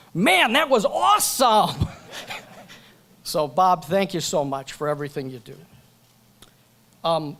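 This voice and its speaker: A man giving a joking, chatty acceptance speech at a banquet event, talking into a microphone and going off script. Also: on the high side. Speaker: award recipient.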